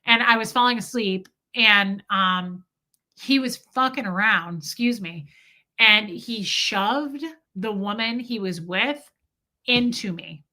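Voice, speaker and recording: A woman's voice: mid-range voice, slow pace, pushed and bright. A tired woman in her forties telling a story on a live stream, rambling and swearing and reading viewer comments aloud. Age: 40s.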